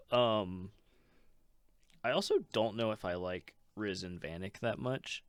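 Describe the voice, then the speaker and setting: A man's voice: fairly low pitch, slow pace, clean tone, no room sound, studio quality. A man co-hosting a podcast in casual chat, easygoing, laughing often and leaning on fillers. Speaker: podcast co-host.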